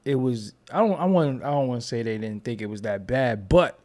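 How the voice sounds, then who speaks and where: A man's voice: medium pitch, brisk, darkish tone. A man hosting a casual live stream, loose and rambling, tired and yawning between repeated phrases. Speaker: YouTube commentary host.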